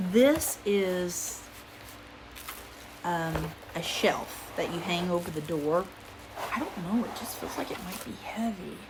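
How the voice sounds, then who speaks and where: A woman's voice: fairly low pitch, background noise. Rambling, goofy woman vlogger. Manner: rambling, goofy, chatty with fillers; talking quietly at times. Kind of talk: casual haul video chat. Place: home room, indoors.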